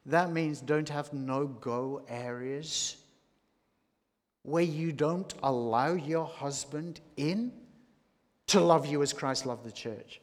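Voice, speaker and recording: A man preaching a sermon, slow and deliberate, rising to emphatic points. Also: a little high. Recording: long hall reverb.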